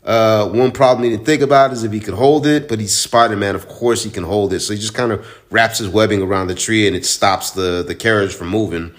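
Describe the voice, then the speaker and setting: Shop owner, male, lowish voice, loose and profane, chatty comic recap. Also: fairly even intonation, a little fast, few pauses. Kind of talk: casual comic book recap. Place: own store in Houston.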